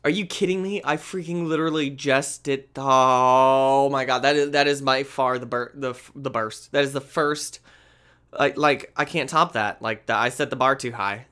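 A man hosting a gaming video, talking through his play in an excitable, exclamatory, rambling way. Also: medium pitch, moderate pace. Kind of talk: let's play commentary.

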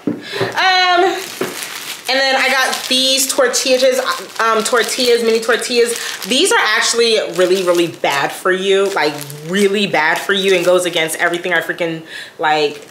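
Bright, chatty young woman in an echoey room. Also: medium pitch, a little hiss or hum. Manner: animated, rambling, with laughter; colloquial, says "child" and "y'all". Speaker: lifestyle vlogger. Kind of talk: casual chatty haul vlog.

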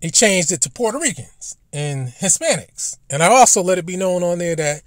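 A man's voice: high voice, expressive, normal speed, no room sound. A man telling stories in a casual, rambling monologue, blunt and profane, often stumbling over and repeating his words as a commentary host.

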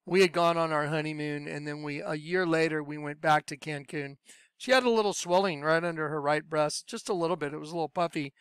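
A middle-aged male preacher with a high, smooth voice talks earnestly, moving from urgent exhortation to soft, confiding storytelling. The sound is close and dry, with no room around it. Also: fairly even intonation, brisk, dry recording. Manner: earnest, conversational, drops to soft low voice when recalling. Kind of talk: personal testimony sermon.

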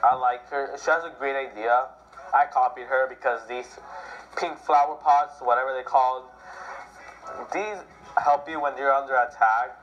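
Teen boy, sick, excitable rambling game commentary, muffled sound, faint game music. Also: mid-range voice, normal speed. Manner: rambling, excitable, self-deprecating. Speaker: mobile game player. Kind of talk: casual gameplay commentary. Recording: dull lo-fi audio with faint music.

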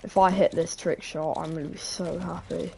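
A woman's voice: on the low side, steady tone, normal speed, gravelly, dark tone, a little hiss or hum. A woman live-streaming a video game, chatting casually and greeting viewers by name. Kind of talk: live gameplay commentary. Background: background music.

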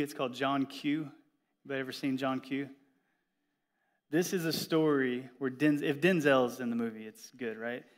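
A middle-aged pastor with a medium-pitched voice preaches a sermon in church, telling stories in a lively, joking way.

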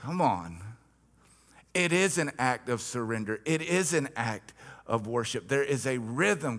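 A man's voice: medium pitch, sing-song, unhurried, a bit bright. Man preaching with rising emphatic swells. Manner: rhythmic chanted repetition. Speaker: pastor. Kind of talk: sermon.

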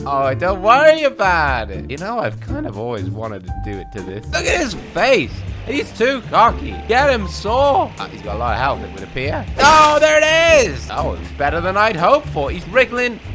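A man giving jokey, excitable commentary over gameplay as a channel host, with frequent laughs and yelps. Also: sits high. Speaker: gaming YouTuber. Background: background music.

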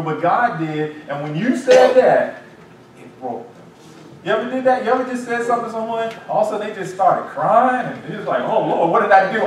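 Pastor in an echoey church. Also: male voice, sits high. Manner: animated preaching with asides and acted quotes. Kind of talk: Bible study teaching. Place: church sanctuary. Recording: echoey room, distant mic, faint hiss.

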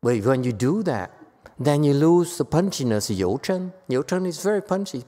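A woman giving a Buddhist Dharma lecture to a live audience. She is emphatic and playful, swinging from quiet asides to loud outbursts. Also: low voice, expressive, normal speed. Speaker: Buddhist teacher. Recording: echoey hall with long reverb.

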